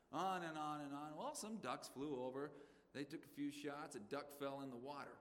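A man's voice: mid-range voice, expressive, a little fast. Folksy pastor man in an echoey hall. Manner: folksy storytelling, calls listeners "folks" and "man". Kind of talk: sermon. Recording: long echo with faint background noise.

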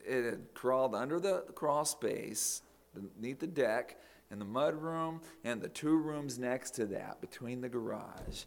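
A man's voice: mid-range voice, animated, unhurried, vocal fry. A man preaching a sermon in a conversational way, with folksy asides and emphatic peaks. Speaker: pastor.

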